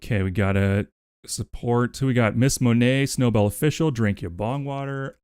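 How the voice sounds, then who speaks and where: Speaking at a normal pace in a smooth, darkish mid-range voice, this man is heard in studio-quality audio with no room sound. He rambles through a casual live stream chat with viewers, cursing freely and thanking them again and again.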